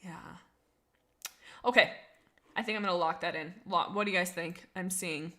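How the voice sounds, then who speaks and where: A woman's voice: on the low side, normal speed, bright, forceful tone. A young woman streaming casually, bubbly and giggly, rambling as she reads out viewer comments. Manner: bubbly, giggly and rambling, with many restarts and laughs. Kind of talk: casual livestream chat, reading out viewer comments.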